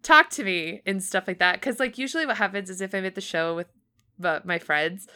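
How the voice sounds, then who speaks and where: A young woman co-hosting a podcast tells a story in casual chat, using lots of fillers and acting out quotes. Her mid-range voice is a little fast, pushed and bright, with a clear, resonant tone.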